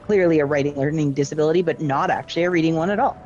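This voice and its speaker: Low-voiced chatty woman gaming. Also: rapid-fire, highs cut off, a little hiss or hum. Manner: chatty storytelling, lively retelling of exchanges. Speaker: parent and gamer. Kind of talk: casual chat while gaming.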